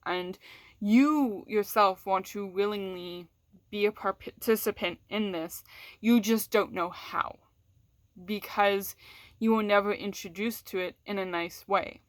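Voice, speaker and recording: A woman's voice: medium pitch, fairly even intonation, slow pace, no echo, studio quality. A woman vlogger in a candid, casual chat with her audience. She is frank and swears freely, restarts her sentences often and laughs between words.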